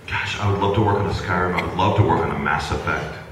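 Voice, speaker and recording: Deep-voiced man joking in an echoey hall. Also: fast talker. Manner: relaxed and joking, with many fillers. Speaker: voice actor on a convention panel. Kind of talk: casual panel chat. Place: large convention panel hall with an audience. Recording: echoey hall taped from far off, noisy.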